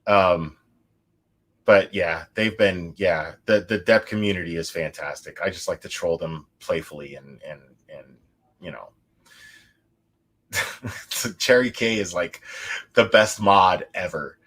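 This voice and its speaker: A man's voice: sits low, slow pace, pauses often, a bit bright. Tipsy rambling man chatting on stream. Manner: rambling, restarts, laughing, swearing. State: tipsy from drinking. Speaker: livestream host. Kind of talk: casual livestream chat.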